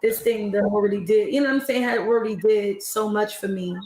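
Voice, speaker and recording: A woman battle rapper being interviewed on a video call, talking in a relaxed, unhurried way with restarts and fillers. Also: mid-range voice, echoey room, poor audio. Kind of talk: casual interview.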